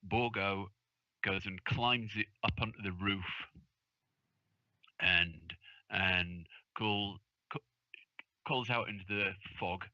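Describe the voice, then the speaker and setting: A man playing in a tabletop game, describing his character's actions in halting bursts. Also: lowish voice, steady tone, sharp tone, no room sound. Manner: halting, hesitant. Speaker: player. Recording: dry dull lo-fi audio.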